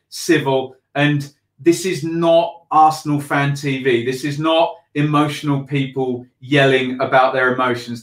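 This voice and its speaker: A man hosting a football channel, giving a passionate, emphatic reaction full of repeats and ums. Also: a little high. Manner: animated, emphatic, repeats phrases, many ums. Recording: echoey room.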